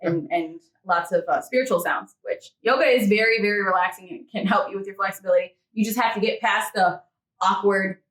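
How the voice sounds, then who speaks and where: A fitness model guest speaks briskly with a mid-range, slightly bright voice during a casual interview chat. She laughs often and acts out little quotes, heard through a distant mic in an echoey room.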